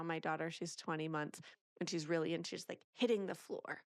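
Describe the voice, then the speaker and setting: A woman in her thirties, a parenting author as a guest in a casual interview, talking in an animated way and acting out lines of parents and children. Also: sits low, moderate pace, dry recording, studio quality.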